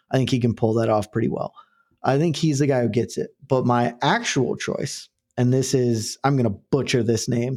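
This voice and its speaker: Man, podcast co-host, casual rambling chat, laughs often, mid pitch. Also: darkish tone.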